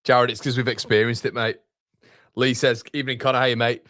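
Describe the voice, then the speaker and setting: A man's voice: mid-range voice, level tone, brisk, a bit bright, dry recording, studio quality. A man hosting a live football watchalong, reacting to the match and reading out chat messages. He swears, repeats himself and trails off, and his voice jumps up on near chances.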